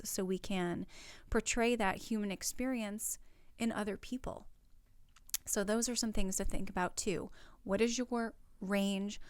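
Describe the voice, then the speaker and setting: A woman's voice: mid-range voice, dry recording. Woman giving acting tips, dry sound. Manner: encouraging, conversational, with fillers. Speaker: acting coach. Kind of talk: spoken acting workshop tips.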